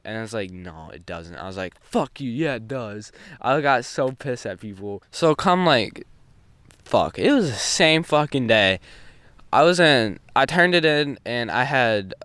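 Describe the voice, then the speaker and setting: A man's voice: medium pitch, very animated, measured pace, fairly bright tone, clean tone, dry recording. A teenage boy telling a story in a casual, rambling way, swearing often and restarting his sentences. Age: teens. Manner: rambling, profane, many restarts. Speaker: vlogger.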